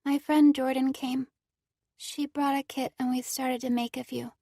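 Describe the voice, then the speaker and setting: A woman voicing a timid, injured young girl who speaks in a small, soft voice in an audiobook. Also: sits high, little pitch movement, measured pace, dry recording, clean studio sound, pitched above the performer's own voice.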